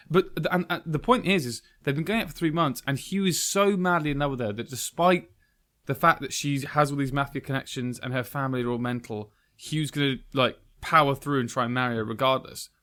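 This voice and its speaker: A man in casual podcast chat who reviews films bluntly and with gusto. His voice sits at an ordinary middle pitch. He talks in an animated way and does not mind swearing. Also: fairly quick. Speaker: podcast co-host.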